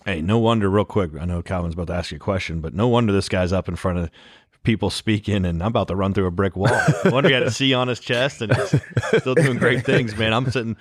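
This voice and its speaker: A man co-hosting a podcast who talks in an excitable, hyped-up casual way. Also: lowish voice, fast talker, no echo, studio quality. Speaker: podcast co-host. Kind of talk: casual chat.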